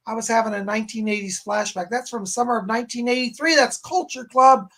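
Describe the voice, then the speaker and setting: A man hosting a live stream as a psychic medium, hoarse and clearing his throat, greeting viewers with exuberant casual chat and calling himself by name. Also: extremely high pitch, a little fast, few pauses, a bit bright. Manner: exuberant, calls himself by name in the third person.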